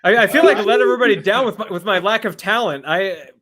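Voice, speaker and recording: A man's voice: high-pitched, fast talker, a bit bright. A man chatting as a comedian guest, stammering and self-deprecating. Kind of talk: casual comedy chat.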